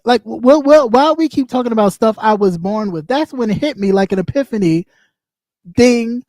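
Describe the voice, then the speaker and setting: Heated, swearing man with a mellow voice. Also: high voice, animated, normal speed, dry recording, studio quality. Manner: mocking, heated, swears constantly. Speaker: livestream host. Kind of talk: profane livestream rant.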